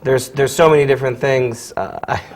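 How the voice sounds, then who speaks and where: A man who teaches high school drama, from Virginia, talking casually in an interview with lots of fillers and laughs. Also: fairly even intonation, a little fast, low-quality recording. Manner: chatty, laughs often, many fillers and restarts.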